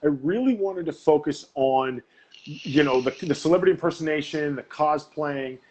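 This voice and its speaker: Chatty man host with a higher voice. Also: moderate pace, darkish tone, slight background noise, poor audio. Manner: chatty, eager questioner. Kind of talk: casual interview chat.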